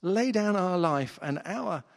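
A man's voice: sits high, expressive, takes it slowly, gravelly. A man preaching a sermon in an earnest, conversational way, with fillers, in a church hall.

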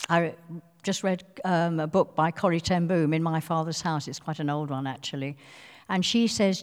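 A woman giving a devotional sermon, speaking earnestly and pleading softly as she dwells on scripture. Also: fairly low pitch, long reverb tail. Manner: earnest, pleading, soft when quoting scripture. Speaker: preacher.

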